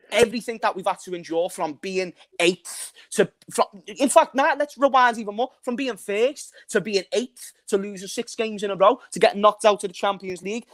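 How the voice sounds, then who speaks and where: A hoarse young man, ranting passionately as he co-hosts a football fan reaction chat. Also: sits high, no room sound. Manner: passionate, ranting, bursts into laughing shouts. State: hoarse from shouting. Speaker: fan channel co-host.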